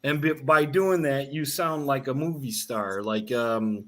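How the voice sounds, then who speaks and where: A man's voice: mid-range voice, a little slow, fairly bright tone. A man co-hosting a chatty interview over a video call, explaining things and laughing often. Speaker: co-host. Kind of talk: casual conversation.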